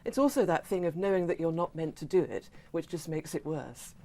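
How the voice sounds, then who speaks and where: A middle-aged woman, a radio newsreader, answering interview questions in a clear, measured way, with a tendency to giggle. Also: deep voice, animated, mellow.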